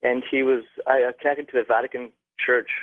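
A man's voice: medium pitch, level tone, no echo. Young man telling a tale down a phone line. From Canada. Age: young adult. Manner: halting, many fillers and restarts. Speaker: caller. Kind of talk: phone-in storytelling. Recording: tinny dry phone line.

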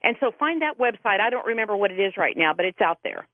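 A woman's voice: mid-range voice, very animated, fast talker, dry recording. Earnest woman talking over a tinny phone line. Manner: earnest storytelling, quotes others at length. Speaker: phone-in guest, veterans' advocate. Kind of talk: radio interview over the phone. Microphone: telephone.

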